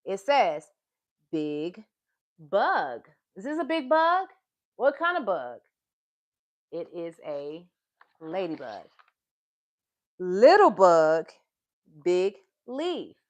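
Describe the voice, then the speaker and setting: On a live stream, a woman reads a picture book to young children in a slow, sing-song way, stopping to ask them questions. Her fairly low voice swings hugely in pitch, and she is close to the device's microphone.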